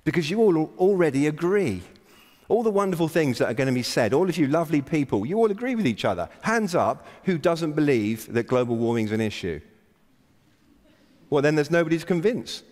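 A man's voice: fairly high pitch, big pitch swings, fairly quick, a little mellow. A man giving a conference opening address from the stage, wry and self-deprecating as he urges the audience to act. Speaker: keynote speaker. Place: large conference hall stage. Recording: long reverb of a big hall.

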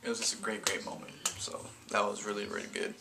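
A man's voice: on the low side, flat delivery, fast, creaky, background noise. A man casually reviewing a wrestling event in a video, rambling and often correcting himself mid-sentence. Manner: rambling, stumbling, self-correcting.

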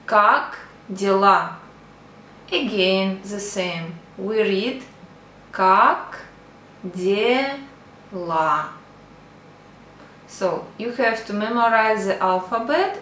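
A woman teaching a language lesson, speaking deliberately, repeating each word and pausing with fillers. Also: medium pitch, fairly bright tone, slight background noise. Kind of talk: slow spoken lesson. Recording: echoey room with faint ambience.

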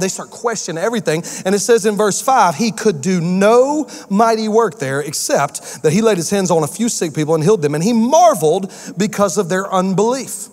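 A male pastor delivers a sermon in a church sanctuary, his high voice leaping all over the place. He tells stories with animation, acting out different voices at a brisk pace with few pauses. Long hall reverb from the sanctuary fills the recording.

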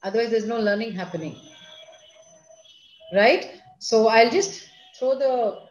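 A woman's voice: fairly high pitch, unhurried, darkish tone, dull audio. Emphatic Indian woman, echoey call audio. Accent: Indian English. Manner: emphatic, repeats points for stress. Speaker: school principal giving a talk. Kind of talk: online seminar Q&A. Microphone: video call.

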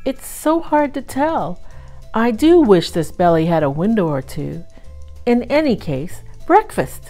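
A woman's voice: medium pitch, big pitch swings, unhurried, dark tone, soft background music, voice pushed up, rough recording. A woman voicing a prim, cheerful storybook duck with a lofty, chirpy manner.

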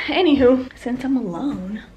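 A chatty, excitable woman vlogging to her viewers, her high voice bouncing all over the place as she talks unhurriedly. She is recorded close on a phone or camera, with noticeable car and street noise behind her. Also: unhurried. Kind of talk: casual vlog chat to camera.

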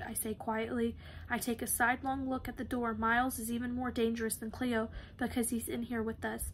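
A woman reading a young adult novel chapter aloud on her channel, with a steady, even delivery. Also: on the high side, fairly quick, slight background noise. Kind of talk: read-aloud narration of a novel.

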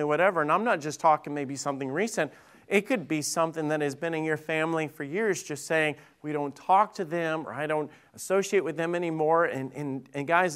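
A man's voice: fairly high pitch, fairly bright tone. A male lead pastor giving a conversational Bible-study sermon, telling stories and jokes and then pressing his point with emphasis. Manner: chatty storytelling with jokes, rising to emphatic preaching.

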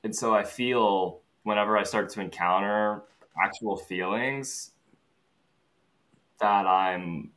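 A man as an interview guest, talking in a fast, rambling, self-aware way. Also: lowish voice, pushed and bright. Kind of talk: casual conversation.

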